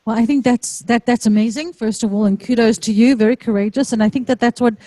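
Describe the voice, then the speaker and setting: A woman hosts an interview, earnest and encouraging. Her voice is mellow and mid-pitched, recorded dry with no room echo. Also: fairly even intonation, fast. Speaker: interview host. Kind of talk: casual interview.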